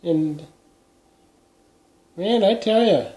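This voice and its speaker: A man's voice: high-pitched, extremely slow, warm tone. A man playing a middle-aged Minnesotan who rambles while drinking beer, speaking with a Minnesota accent. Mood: chatty. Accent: Upper Midwest (Minnesota). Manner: rambling, meandering, trails off. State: tipsy from beer. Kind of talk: comedy character vlog. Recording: echoey room.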